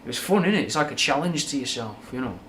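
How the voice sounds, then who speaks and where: A young Manchester man, his Mancunian accent carrying a slight Scouse twang, fires through viewers' questions on a casual livestream, frank, rambling, slangy and sweary. His medium-pitched voice is expressive, quick and a bit bright, over a little hiss or hum.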